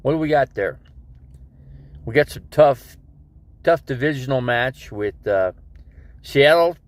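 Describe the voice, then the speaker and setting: A man's voice: mid-range voice, animated, unhurried. A man with a stuffed-up nose, rambling casually to his viewers on a live stream about his day. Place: living in an RV.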